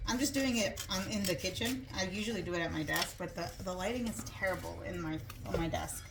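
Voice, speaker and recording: A woman's voice: fairly low pitch, brisk, creaky, background noise. A woman vlogging casually in her home kitchen, chatty and rambling, a little out of breath and joking about herself. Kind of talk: casual chat.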